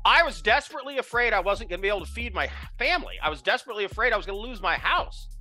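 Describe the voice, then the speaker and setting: Animated high-voiced man in an interview. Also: very fast, faint music behind. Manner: animated, emphatic storytelling. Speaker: guest. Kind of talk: podcast interview chat.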